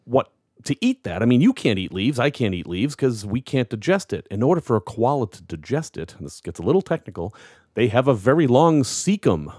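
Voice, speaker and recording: A man co-hosting a podcast, telling facts as lively stories in casual chat. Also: fairly low pitch, no room sound, clean studio sound. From United States. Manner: lively storytelling, explaining facts with jokes. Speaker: podcast co-host.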